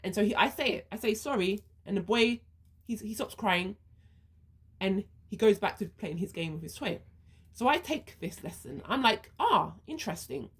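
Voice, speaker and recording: A woman's voice: medium pitch, lively intonation, moderate pace, slightly rough. A woman speaking her views in an earnest monologue, walking through a hypothetical first-person story step by step. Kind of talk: reflective monologue.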